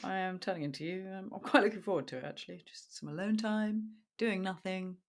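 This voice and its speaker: A young British woman co-hosting a casual podcast chat, easygoing and quick to giggle. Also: medium pitch. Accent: British English. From Britain. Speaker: podcast co-host.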